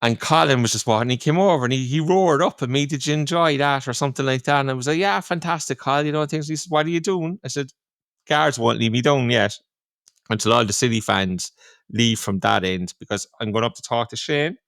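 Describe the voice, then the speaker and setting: A man with a Cork Irish accent hosts a podcast and chats casually, telling a rambling story packed with "like" and "you know". His voice is gravelly, of middling pitch, and dry, with no room sound. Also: fairly quick, fairly bright tone, no echo. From Ireland. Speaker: podcast host.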